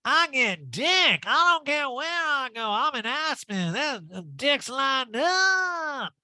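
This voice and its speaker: A man voicing a brash, crude woman who brags loudly in a high, drawn-out mocking way. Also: big pitch swings, no echo, clean studio sound, exaggerated voice.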